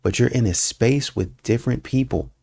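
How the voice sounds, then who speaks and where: Male reaction commentator, mocking and gravelly, close dry mic. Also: mid-range voice, normal speed, dry recording. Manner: animated, mocking, acts out other people loudly.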